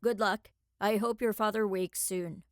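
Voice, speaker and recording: A woman's voice: mid-range voice, fairly even intonation, a little slow, no echo, studio quality, lightly acted. A woman voicing a polite, composed male chauffeur with a slight foreign accent in an audiobook. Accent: slight unplaced foreign accent. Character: calm mysterious male chauffeur.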